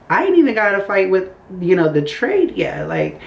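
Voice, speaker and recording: A young woman telling a story casually in her bedroom, animated and acting out the quotes. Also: medium pitch, brisk, hardly any pauses, slight background noise, low-quality recording. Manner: animated, acts out quotes with voices. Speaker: storytime vlogger. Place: bedroom by a window.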